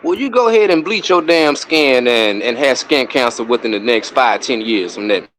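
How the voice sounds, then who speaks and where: A man speaks as a guest on a livestream panel, with a lively voice that rises and falls widely. He argues and lectures, pushing each point back at the host. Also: medium pitch, moderate pace, a little hiss or hum. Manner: argumentative, lecturing. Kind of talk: livestream debate.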